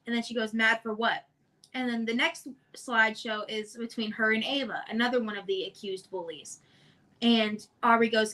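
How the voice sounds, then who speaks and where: A woman's voice: a little high, fairly even intonation, normal speed, sharp tone, rough recording. A woman co-hosting a casual discussion, recounting text messages with lots of "and then she goes". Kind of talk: casual discussion, reading texts aloud.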